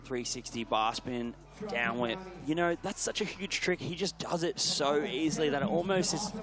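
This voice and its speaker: A man giving live BMX commentary, excitable, often shouting and gasping at big tricks. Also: fairly high pitch, normal speed, over music.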